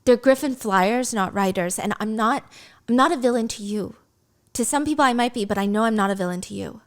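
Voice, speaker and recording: A woman voicing a guarded young male warrior who pleads in a soft, low voice. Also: a little fast, natural voice. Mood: pleading.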